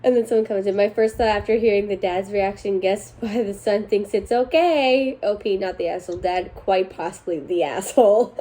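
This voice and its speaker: A young woman hosts a casual chat and reads forum posts aloud with a mellow, unhurried warmth. She laughs easily between lines and keeps her pitch in an ordinary middle range. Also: rough recording. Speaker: host reading online posts.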